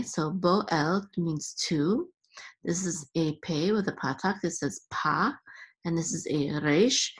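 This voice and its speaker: A woman's voice: sits low, breathy edge. A woman hosting a reading lesson, patiently sounding out letters and syllables one at a time. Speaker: Hebrew reading teacher and podcast host.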